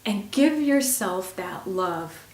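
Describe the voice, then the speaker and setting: A woman hosting a self-help video, talking warmly and encouragingly straight to the viewer. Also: mid-range voice, animated, slow pace, reverberant, far from the mic. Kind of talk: gentle spoken self-help talk.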